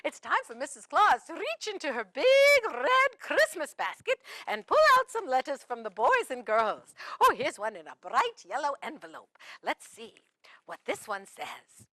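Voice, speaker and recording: Woman playing cheerful Mrs Claus: sing-song children's host, bright tone, lively pitch. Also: normal speed, no room sound, exaggerated voice. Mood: jolly. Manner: sing-song, exaggerated, giggly. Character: jolly Mrs Santa Claus, warm grandmotherly hostess. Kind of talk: children's TV character hosting.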